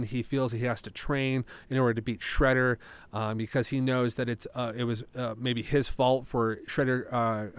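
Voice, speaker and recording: A man's voice: medium pitch, smooth, dry recording. A man in his thirties hosting a casual solo podcast, rambling with lots of fillers and casual swearing. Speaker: podcast host.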